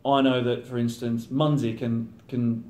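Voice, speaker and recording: Man, 30, professional footballer, relaxed interview talk, mid-pitched, echoey room sound. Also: measured pace. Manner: chatty, acts out teammates' banter. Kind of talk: casual interview chat. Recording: roomy echo.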